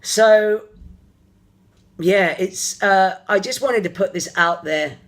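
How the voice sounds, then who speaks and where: Spiritual coach type rambling openly to camera, stops and restarts a lot, mid pitch. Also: a bit bright. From London, England. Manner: earnest, searching, thinks aloud in halting phrases. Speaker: energy therapist and spiritual coach. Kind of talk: personal confessional vlog.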